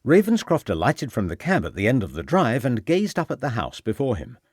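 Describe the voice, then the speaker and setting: A man narrating a mystery audiobook in a measured, expressive way. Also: mid-range voice, breathy edge, no echo, studio quality.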